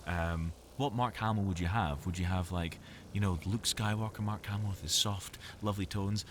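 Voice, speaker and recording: A man's voice: low-pitched, moderate pace, slight background noise. A male voice actor talking in a playful, rambling monologue from his home audio booth, jokey and self-mocking. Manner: jokey and self-mocking, full of fillers and restarts.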